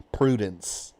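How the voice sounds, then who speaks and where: A man's voice: warm tone, a little hiss or hum. A man streaming a video game live, chatting casually with his viewers, rambling with lots of fillers and frequent laughs. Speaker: gaming streamer.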